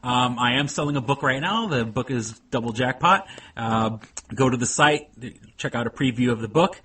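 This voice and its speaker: A man's voice: medium pitch, moderate pace, bright, forceful tone, a little hiss or hum. A man co-hosting a casual podcast, rambling along with lots of "you know" and blunt swearing. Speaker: podcast co-host.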